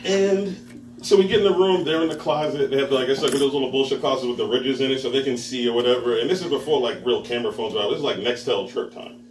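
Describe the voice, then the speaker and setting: A man's voice: mid-range voice, fast talker. A man in his thirties telling a rambling stand-up story at an open mic, laughing at his own jokes and acting out the people in it. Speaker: stand-up comedian. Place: bar with live audience. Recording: roomy distant mic with crowd.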